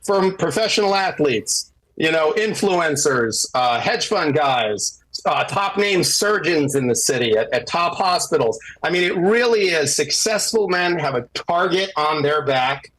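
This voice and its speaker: A man with a high, husky voice talks as a guest attorney on a podcast. He tells his stories with animated energy, jumping into other people's voices as he goes. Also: a little slow, poor audio. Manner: animated, acts out quotes.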